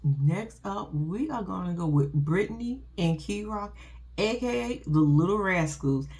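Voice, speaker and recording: A woman recapping a show in casual chat. She is profane and animated and keeps turning to talk straight to her viewers. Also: on the low side, unhurried.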